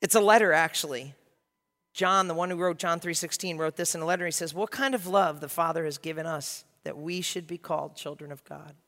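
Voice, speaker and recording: A male pastor preaching a sermon, passionate and swinging from quiet to loud. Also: on the high side, steady tone, a little fast, in a large hall. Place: church sanctuary.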